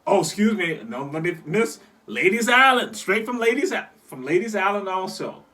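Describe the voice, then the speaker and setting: A man from the South Carolina Lowcountry talking casually about local sayings, animated and teasing, repeating words for emphasis and laughing often. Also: normal speed, far from the mic. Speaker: cultural commentator.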